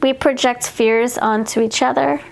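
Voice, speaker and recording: A woman's voice: on the high side, fairly even intonation, a little slow, gravelly. A woman giving a pick-a-card tarot reading, chatting casually, repeating herself and reading card messages aloud. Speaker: tarot reader.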